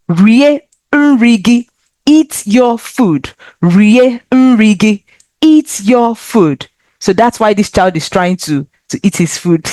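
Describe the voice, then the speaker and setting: A woman teaching a children's language lesson, speaking slowly and with careful, encouraging enunciation. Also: mid-range voice, dry recording, studio quality.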